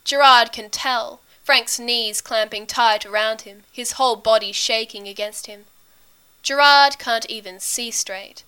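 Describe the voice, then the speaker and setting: A woman narrating a story as an audiobook reader, in a steady, intimate storytelling manner. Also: fairly high pitch, unhurried, smooth.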